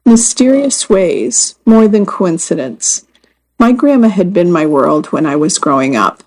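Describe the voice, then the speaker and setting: A woman reading first-person magazine stories aloud as scripted narration, in a measured and earnest way. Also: lowish voice, darkish tone, poor audio. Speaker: magazine story reader.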